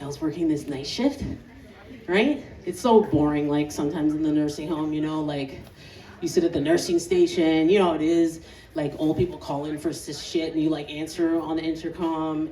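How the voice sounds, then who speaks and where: A woman doing a stand-up comedy set, laughing often and putting on voices of old men and patients. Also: sits low. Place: outdoor show. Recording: roomy distant outdoor recording, loud crowd and noise. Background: crowd laughter.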